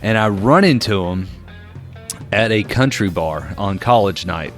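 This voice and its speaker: A young man tells a story on a casual podcast, his pitch swinging up and down as he goes. He talks with lots of fillers and acts out the people in the story. Faint guitar music plays underneath. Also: unhurried. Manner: animated storyteller, many fillers, acts out voices. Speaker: podcast co-host.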